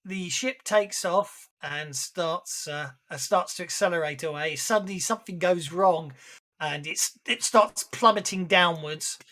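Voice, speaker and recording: Halting, chuckling male game master. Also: sits high, sharp tone. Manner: halting, full of fillers and restarts, laughs often. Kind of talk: narrating a tabletop game.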